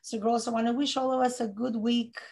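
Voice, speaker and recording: Middle-aged rebbetzin, accented English, gravelly voice, earnest teacher who repeats herself for emphasis. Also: female voice, a little high, steady tone, brisk, darkish tone. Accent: non-native English. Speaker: rebbetzin teaching a women's class. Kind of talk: informal Torah talk.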